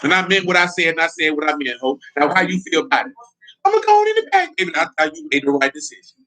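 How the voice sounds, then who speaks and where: Male preacher, high and forceful delivery; blunt, confrontational street-talk sermon with laughing asides. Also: sing-song, fast talker. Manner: blunt, confrontational, repeats "you know what I'm talking about"; breaks into laughter between points.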